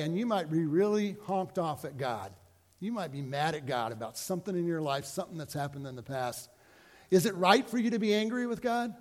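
A man's voice: sits high, darkish tone, big-room sound. A man preaching a sermon as pastor, in a folksy, conversational way with rhetorical questions to the congregation.

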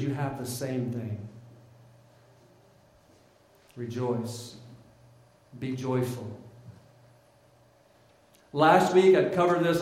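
Male pastor, sermon, chatty and animated, slightly high voice, very echoey church hall. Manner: conversational, animated, frequent "like". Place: church sanctuary.

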